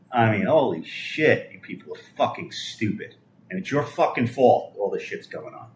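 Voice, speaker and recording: A middle-aged man from Brooklyn, New York, with a fairly low voice and big swings in pitch, rants about politics on a live stream. He curses heavily and sounds contemptuous, halting and restarting often. The room is echoey, with slight background noise.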